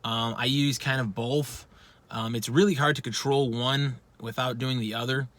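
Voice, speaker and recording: A vocal instructor gives a casual lesson, bluntly swearing a lot and making fun of himself. His medium-pitched voice holds a steady, fairly bright tone at normal speed.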